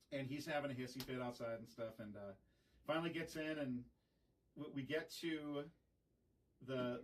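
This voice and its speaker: Profane storytelling man, distant mic. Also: a little high. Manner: animated, profane anecdote telling. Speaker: streamer and band frontman. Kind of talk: casual storytelling. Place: recording studio. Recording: voice picked up from a distance.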